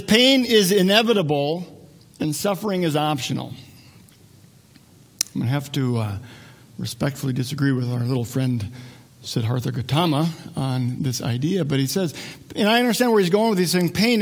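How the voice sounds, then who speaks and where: A pastor preaching in a loose, joking, conversational way, with frequent restarts as he works toward his point. His voice sits slightly high for a man. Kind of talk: sermon.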